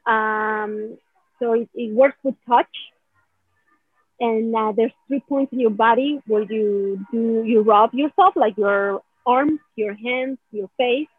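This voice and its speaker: Woman, casual explanation, husky voice, dry phone-like sound, rambling, acts out feelings. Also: a little high, takes it slowly, dry recording. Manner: rambling, repeats "right?" and "like"; acts out feelings in quoted asides. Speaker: guest explaining a healing technique.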